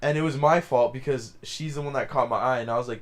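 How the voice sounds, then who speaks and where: This young let's play commentator talks fast in a steady, mid-range voice, barely pausing. He spins a casual story over the gameplay, rambling with lots of fillers and restarts.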